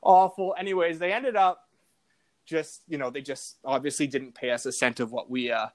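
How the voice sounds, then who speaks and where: A man's voice: medium pitch, moderate pace. A young adult man on a podcast, telling a story casually and rambling, with many fillers and quoted asides. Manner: rambling, lots of "like" and "I'm like" quotes. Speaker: guest, sports betting editor.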